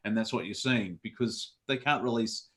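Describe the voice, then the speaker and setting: A man's voice: lowish voice, moderate pace, fairly bright tone. Man, chatty guest, giggly storyteller, loose rambling delivery. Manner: rambling, laughs often, trails off mid-sentence. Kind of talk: casual chat.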